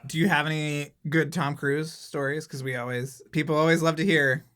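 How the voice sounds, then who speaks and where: A man hosting a podcast who asks his guest questions in a relaxed, conversational way. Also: fairly high pitch, normal speed. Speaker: podcast host. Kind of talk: casual interview.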